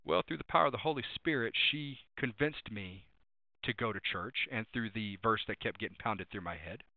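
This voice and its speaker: A man's voice: fairly low pitch, normal speed, creaky, dry recording. Emphatic preacher man on tinny line. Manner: emphatic, repeats refrains and cites verses. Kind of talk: sermon. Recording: tinny phone-like dry sound.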